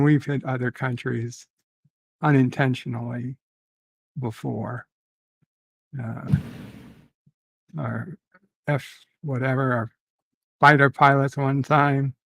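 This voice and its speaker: A man chatting on a live stream as a guest, halting and searching for his words. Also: medium pitch, vocal fry, no room sound, poor audio. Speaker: co-host guest. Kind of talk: casual live-stream chat.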